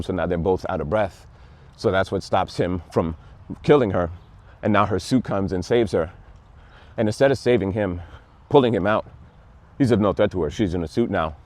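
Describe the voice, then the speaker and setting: A man's voice: lowish voice, a little mellow. A man giving a casual, rambling and sarcastic review of a TV show, plainly exasperated.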